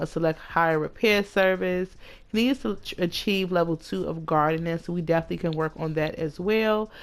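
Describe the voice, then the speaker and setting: A woman's voice: lowish voice, clear, resonant tone. A young woman giving casual, slangy commentary on a life-simulation game, retelling the characters' talk line by line.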